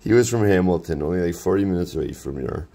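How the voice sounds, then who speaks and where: A man's voice: low voice, expressive, quick pace, creaky, dark tone. A man in his thirties rambling casually about his sketchbook drawings, with many fillers and restarts. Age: 30s. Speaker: artist showing his sketchbook.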